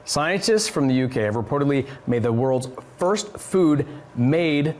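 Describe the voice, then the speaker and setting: A news presenter reading a report in an even, formal way. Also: medium pitch, measured pace.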